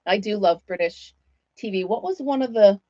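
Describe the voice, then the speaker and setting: A woman's voice: mid-range voice, expressive, moderate pace, warm tone, no room sound, highs cut off. A woman hosting a casual livestream from home, chatting with viewers while she crochets and laughing often. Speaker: livestream host.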